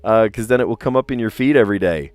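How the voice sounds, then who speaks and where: A man in his thirties, a teacher, chatting casually on his puzzle livestream, relaxed and chatty with lots of fillers and easy laughs. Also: fairly low pitch, fast talker, dry recording.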